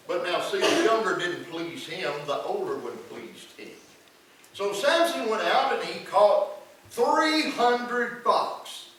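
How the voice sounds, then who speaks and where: Taking it slowly, a middle-aged pastor preaches in a high-pitched, sharp voice with lively intonation. His sermon is folksy storytelling with acted-out quotes, recorded from a distance in an echoey church sanctuary.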